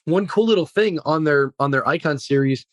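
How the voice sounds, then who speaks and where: A man's voice: fairly high pitch, a little fast, dry recording, studio quality. A man co-hosting a casual fishing podcast, explaining gear with enthusiasm and some rambling. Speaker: podcast co-host. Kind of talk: casual chat.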